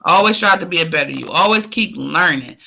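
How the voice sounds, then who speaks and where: A woman's voice: lowish voice, expressive, a little fast, vocal fry, bright, forceful tone, slightly rough, rough recording. A woman podcast host closing her show with a fired-up motivational speech. She repeats each point over and over, preaches encouragement, and keeps the talk casual and slangy. Now and then she drops a curse word. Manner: emphatic, repetitive, preachy encouragement; casual, slangy, occasionally profane.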